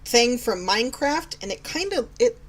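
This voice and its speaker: A woman's voice: fairly high pitch, lively intonation, normal speed. A woman in her thirties co-hosting a podcast, talking casually and sarcastically about raising her kids, often laughing as she tells stories. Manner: sarcastic, chatty, laughs while telling stories. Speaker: podcast co-host. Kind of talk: casual chat.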